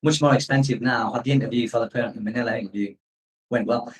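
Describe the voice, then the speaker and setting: A man's voice: medium pitch, fairly even intonation, fast talker, far from the mic, rough recording. A man talks freely in a casual live-stream chat, drifting from one story to the next. He keeps breaking off to answer comments from viewers, in an easygoing, unscripted way. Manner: rambling, chatty, reads out viewer comments. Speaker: expat livestream host.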